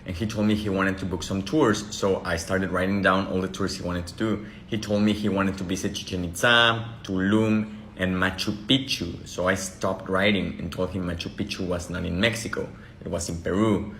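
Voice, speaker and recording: Man, very deep voice, steady narrator, roomy recording with faint noise. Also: moderate pace, hardly any pauses. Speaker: tourism worker. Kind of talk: casual storytelling. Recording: echoey room with faint noise.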